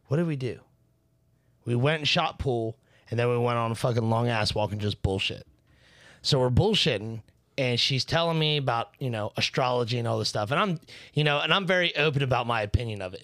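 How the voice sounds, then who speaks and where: A man's voice: medium pitch, fairly bright tone, no echo, studio quality. A man co-hosting a podcast, telling stories in laid-back casual chat. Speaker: podcast co-host.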